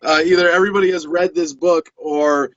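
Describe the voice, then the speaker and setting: A man guest in a casual interview, chatty and quick to laugh, often restarting his sentences. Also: fairly high pitch, fairly even intonation, fairly bright tone, no room sound. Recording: dull dry remote audio.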